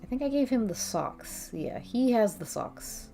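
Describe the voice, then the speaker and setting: A woman's voice: a little high, animated, unhurried, dark tone. A woman streamer chatting casually while she draws, rambling, swearing offhandedly, giggling and humming to herself. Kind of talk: casual live-stream chat while drawing. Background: faint background music.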